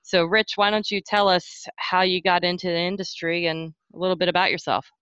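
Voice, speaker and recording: A woman's voice: on the low side, steady tone, brisk, a bit bright, clear, resonant tone, no room sound, muffled recording. A woman hosting a podcast in casual chat, cheerful and laughing easily. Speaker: podcast host.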